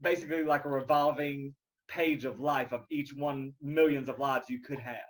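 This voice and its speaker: A man explains a theory in a loose podcast conversation, stumbling over his words and restarting his sentences. He rambles in a middle-pitched voice. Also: steady tone, moderate pace. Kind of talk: casual chat.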